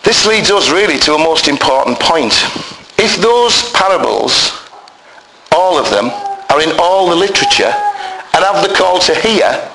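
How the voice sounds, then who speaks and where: A man preaching a sermon, hoarse from a bad chest, emphatic and animated, at times rising close to a shout. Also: sits high, measured pace. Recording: roomy echo, faint noise.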